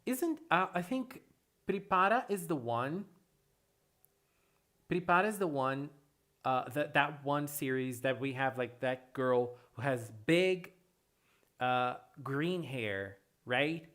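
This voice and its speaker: A streamer hosting a casual livestream, chatting with viewers and answering chat in an excitable way, often repeating phrases. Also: medium pitch, takes it slowly. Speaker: livestream host reading chat.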